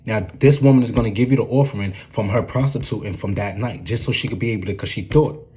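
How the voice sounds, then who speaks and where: A man's voice: on the low side, fast talker, warm tone. A man giving an informal, earnest preaching commentary, often checking in with "you dig what I'm saying".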